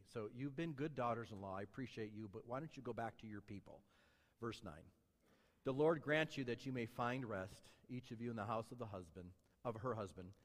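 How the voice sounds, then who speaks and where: A man preaching a sermon in a church, reading scripture aloud and asking his congregation lively rhetorical questions. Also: a little high, big-room sound. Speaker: pastor.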